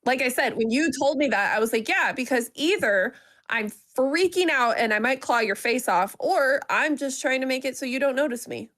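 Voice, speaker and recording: A woman's voice: high voice, lively intonation, normal speed, fairly bright tone. A woman co-hosting a podcast in casual chat, teasing her friend and laughing often. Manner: giggly, teasing. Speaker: podcast co-host.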